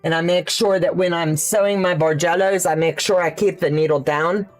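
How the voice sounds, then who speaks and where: A woman's voice: fairly low pitch, fairly even intonation, normal speed, soft background music. A woman hosting a quilting livestream, thinking aloud in a chatty way and answering viewer questions as she sews. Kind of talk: casual live sewing demonstration.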